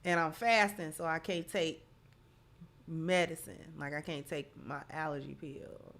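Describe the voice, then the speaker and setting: A woman's voice: sits low, steady tone, unhurried, fairly bright tone. A woman hosts a live stream in a chatty, emphatic way, greeting viewers one by one. Her nose is stuffy from allergies, which gives her voice a blocked, congested sound. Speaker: channel host. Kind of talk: live-stream talk, reading viewer comments.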